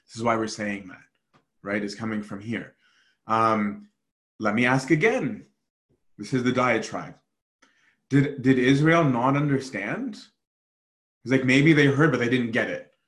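Animated priest teaching in an echoey room. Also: male voice, lowish voice. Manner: animated, conversational, with many fillers and restarts. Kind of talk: scripture study talk.

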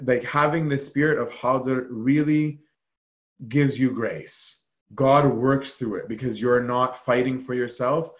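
A man casually telling monastery stories, full of fillers and acted-out quotes. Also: mid-range voice. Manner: animated storytelling, acts out quoted voices, frequent fillers. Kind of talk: casual storytelling talk.

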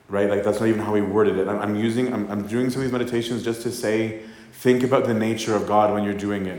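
A man preaches in an easy, chatty way, reading scripture aloud and then unpacking it in everyday words. His voice sits a little low. The room around him is echoey. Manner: conversational, tags lines with "right?", acts out voices. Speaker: priest giving a talk. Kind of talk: casual sermon with scripture reading.

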